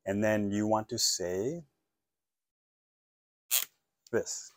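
A man's voice: fairly low pitch, drawn-out words, no echo, clean studio sound. A man teaching a phone-English lesson, encouraging and checking in often with "okay?" and "right?".

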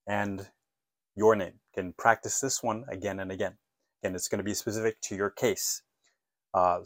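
Guy teaching business phone english, slow clear repeat-after-me lines, lowish voice, dry sound. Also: no echo. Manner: patient, clear model phrases with prompts to repeat.

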